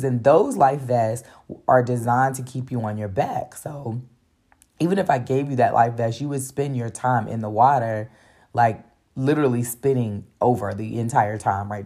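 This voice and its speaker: Woman, very low voice, casual animated storyteller, slangy, acts out her own exclamations. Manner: animated, exclaiming, often acting out her own panicked replies; casual, with slang and filler words.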